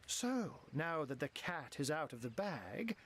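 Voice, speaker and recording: An actor playing a witty, genteel game wizard who turns into a talking cat, speaking in flowery phrases full of cat puns. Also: male voice, a little high, very animated, unhurried, a loud crowd. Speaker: game character.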